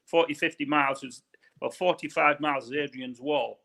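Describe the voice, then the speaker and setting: A man's voice: on the high side, fairly even intonation, normal speed, vocal fry, a bit bright. A man from northern England with a northern English accent, chatting casually as an interview guest and rambling with repeated words.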